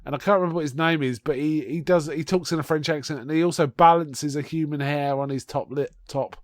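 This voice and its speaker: Here a slightly high-voiced man talks briskly as a podcast co-host, rambling casually through explanations and laughing here and there. There's no room sound on the recording.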